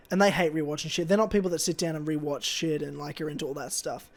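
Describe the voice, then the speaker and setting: A man's voice: a little high, fairly even intonation, quick pace. A man co-hosting a casual podcast, telling a rambling, swear-filled story. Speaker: podcast co-host.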